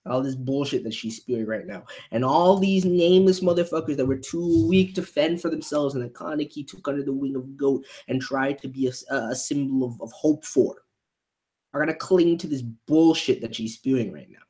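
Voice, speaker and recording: A man's voice: mid-range voice, normal speed. A man reacting live to a manga chapter, ranting heatedly, swearing and stammering over repeated words. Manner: reads panel lines aloud softly.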